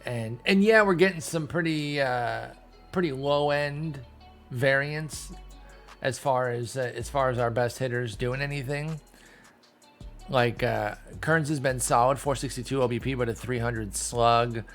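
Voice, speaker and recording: A man giving casual play-by-play commentary over a sim baseball game, calling out results quickly and joking. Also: medium pitch, faint music behind. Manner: animated, quick call-outs, self-deprecating laughs. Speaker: gaming YouTuber.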